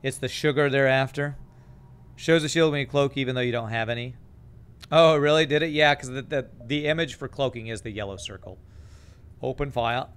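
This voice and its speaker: A man's voice: mid-range voice, fairly quick, clean tone. A man streaming a strategy game live, talking casually through his moves and reading out and answering viewer chat. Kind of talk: live gameplay commentary.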